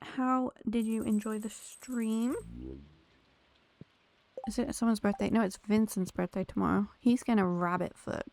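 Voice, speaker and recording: A woman's voice: mid-range voice, fairly even intonation, a little slow, gravelly, a little mellow. A young woman streaming a game, chatting casually and thanking viewers by name as she plays. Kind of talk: casual live-stream chat.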